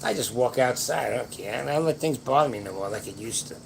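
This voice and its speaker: A man's voice: medium pitch, animated, fast talker, vocal fry, a little hiss or hum, low-quality recording. An older man hosting a casual late-night chat, giving rambling, folksy advice with slangy grammar to viewer questions. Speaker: livestream host answering viewer questions.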